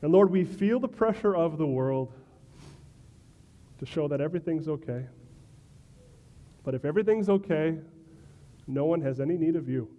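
A man gives a sermon in a fairly high, easy conversational voice. He asks rhetorical "right?" questions and stumbles into small restarts. He sounds like a pastor talking directly to his church. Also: expressive, normal speed, long pauses, dark tone, dull audio.

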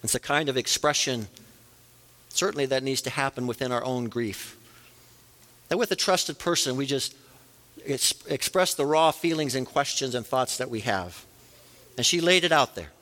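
A man's voice: mid-range voice, lively intonation, moderate pace, long pauses, bright, forceful tone. Earnest male pastor preaching in a hall. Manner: earnest, rising and falling for emphasis. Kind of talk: sermon. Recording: long reverb of a large hall.

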